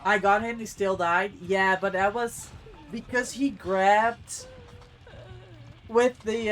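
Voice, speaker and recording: Woman streamer narrating her game aloud. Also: mid-range voice. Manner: talks to herself, panicky outbursts. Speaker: streamer and competitive player. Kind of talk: live gameplay commentary.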